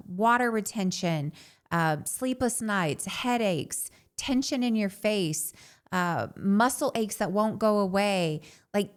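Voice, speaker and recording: A woman in her thirties, a podcast co-host, telling a candid personal story in an animated way and saying "like" often. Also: medium pitch.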